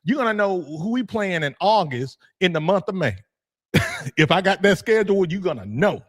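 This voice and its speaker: A man hosting a youth football podcast, talking casually in an animated, joking way, laughing often and swearing freely. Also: sits high, moderate pace. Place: room with his degree on the wall.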